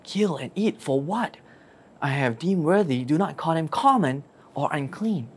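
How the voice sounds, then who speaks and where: A storyteller voicing God as a slow, hushed, solemn commanding voice. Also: mid-range voice, expressive, breathy edge.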